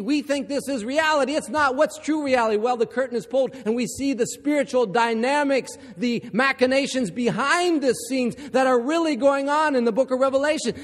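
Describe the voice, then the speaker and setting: A man from Ohio preaching a sermon, emphatic and building to forceful repeated lines. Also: extremely high pitch, long reverb tail.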